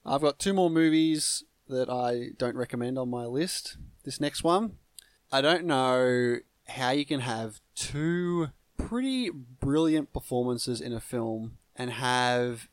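A blunt man in his thirties, chatting casually about films on a podcast, rambling through restarts and dropping the odd swear. His voice sits at an ordinary middle pitch, recorded close and dry with no room sound. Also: takes it slowly, no room sound. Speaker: podcast co-host. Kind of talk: casual film review chat.

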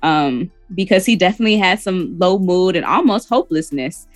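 A woman's voice: lowish voice, animated, fairly quick, music in the background. A woman co-hosting a casual podcast, explaining clinical diagnoses in plain talk and laughing between points. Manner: clinical terms mixed with laughing banter. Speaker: podcast co-host, therapist. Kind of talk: casual chat.

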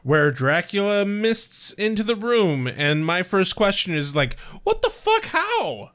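A man's voice: high-pitched, wildly swooping pitch, takes it slowly, fairly bright tone, clean tone. A man co-hosting a podcast, chatting casually in a laid-back, profane way with frequent laughs. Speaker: podcast co-host. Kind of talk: casual chat.

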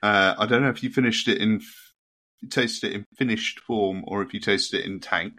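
Male winemaker co-host, relaxed and rambling, bright voice. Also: on the low side, a little fast. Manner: easygoing, rambling, many ums. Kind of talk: casual banter.

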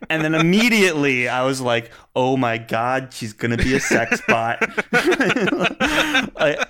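A man's voice: mid-range voice, a bit bright, clean tone. A man casually recapping a movie scene by scene on a podcast, often quoting the characters with a laugh. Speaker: podcast co-host. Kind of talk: casual movie review chat.

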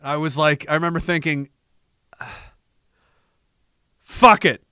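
A young veteran tells a rough story in a casual, profane way, often laughing at himself. His voice sits high and bright. The sound is dry and close, with no room around it. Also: takes it slowly, no echo. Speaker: military veteran telling a story.

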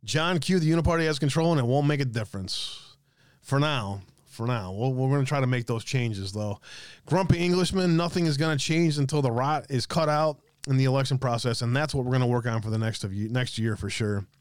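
A man's voice: medium pitch, fairly quick, clear, resonant tone, no echo, studio quality. A man hosting a casual livestream, reading viewer comments aloud and joking, with frequent swearing. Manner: profane, jokey, reads chat comments aloud. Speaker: livestream host reading chat.

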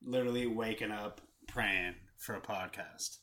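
Bright-voiced young man telling a story. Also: fairly low pitch, moderate pace. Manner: rambling, animated storytelling, acting out voices. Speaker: podcast co-host. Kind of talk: casual storytelling chat.

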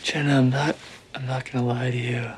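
A podcaster voicing a tender grown man who gently turns down an old friend in a low, half-whispered voice. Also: level tone, husky. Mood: earnest. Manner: slow and earnest.

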